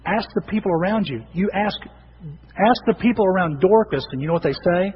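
High-voiced pastor preaching in a hall. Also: male voice, a little fast, slight background noise. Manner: animated, repeats and restarts words, acts out quoted voices. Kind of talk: sermon. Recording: dull lo-fi sound with long hall reverb.

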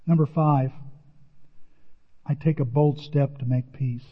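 A man preaching a sermon, emphatic and animated, often exclaiming and repeating words as he reads verses. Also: mid-range voice, slow pace. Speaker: pastor. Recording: reverberant hall, dull lo-fi sound.

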